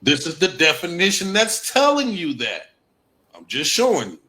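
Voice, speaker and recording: A man with a bright, ringing voice that sits a bit high delivers an emphatic livestream lecture with a Black lilt. He repeats his key points and keeps pressing the listeners. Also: huge pitch swings, moderate pace. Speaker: guest presenter. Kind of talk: livestream talk.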